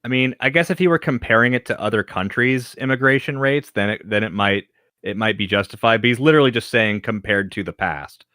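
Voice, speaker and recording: A man's voice: on the low side, brisk, sharp tone, dry recording. A man co-hosting a casual reaction podcast who makes dry, wry jokes. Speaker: podcast co-host.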